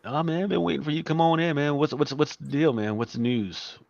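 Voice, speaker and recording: A man hosting a casual livestream chat, talking in a relaxed, rambling way that often trails off. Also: a little high, a little fast, creaky, no echo. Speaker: host. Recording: dry, dull lo-fi sound.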